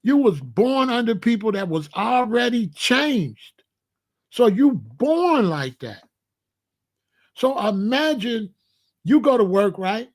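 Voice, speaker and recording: This man in his sixties hosts his own show, and his voice is extremely high and sing-song. He talks in a casual, emphatic monologue, repeating himself and drawing out his phrases.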